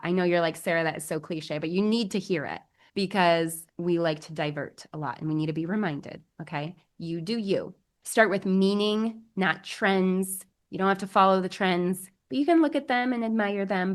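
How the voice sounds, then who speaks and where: A young woman hosting a solo podcast as a bridal alterations specialist, chatty and bubbly with gushing exclamations. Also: mid-range voice.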